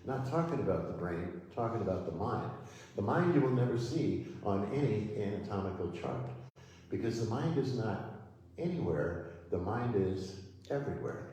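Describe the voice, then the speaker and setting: A man with a lowish voice delivers a gentle, unhurried sermon, pausing often as he leads his listeners through affirmations. He is picked up from a distance in a large, echoing hall, with faint room ambience behind him. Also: animated, a little hiss or hum. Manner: slow, gentle, pausing preacher leading affirmations. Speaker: speaker at a spiritual center. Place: church hall. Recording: echoey hall, mic from far off.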